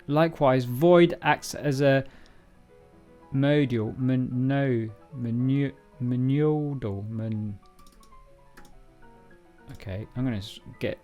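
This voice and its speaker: A man's voice: medium pitch, slow pace, pauses often, dark tone. Male streamer, casual live-coding chat, self-mocking, trips over words, faint music and typing behind. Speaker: livestreamer reading a programming book.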